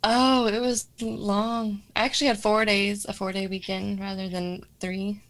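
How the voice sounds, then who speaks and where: A woman's voice: medium pitch, little pitch movement, a little slow, fairly bright tone, low-quality recording. A woman co-hosting a podcast in casual chat, laid-back and amused. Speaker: podcast co-host.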